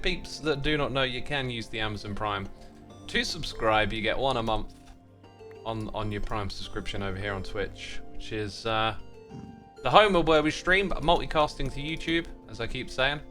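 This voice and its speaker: A man's voice: medium pitch, bright, forceful tone. A man streaming a game, chatting casually, reading viewer messages aloud and thanking supporters. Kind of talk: casual livestream chat while playing.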